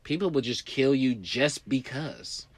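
A man hosting a show, telling a profane story with lively voices, shouting high when he acts out scenes, and turning calm and reflective later. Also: measured pace, no echo. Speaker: comedian host. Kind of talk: stand-up storytelling.

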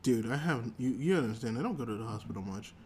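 A relaxed man chatting as a podcast host, his voice at an ordinary middle pitch. He talks loosely, with lots of filler words, and curses freely when riled. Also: fast, husky. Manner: laid-back, swears when annoyed. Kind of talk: casual podcast chat.

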